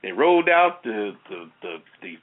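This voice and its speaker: Talk show host, male, rambling and animated, phone-quality audio. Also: lowish voice, normal speed. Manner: rambling, full of "you know" and restarts. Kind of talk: casual chat. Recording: tinny phone-like sound.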